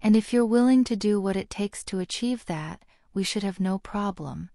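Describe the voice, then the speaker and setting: A stiff, sardonic wizard ambassador with an Australian accent, as a woman reads him, clipped and dry in his replies. The voice is warm and mellow and recorded close and dry, with no room around it. This is a storybook reading. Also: medium pitch, normal speed, creaky, no echo, lightly acted. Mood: curt. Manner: curt and dry.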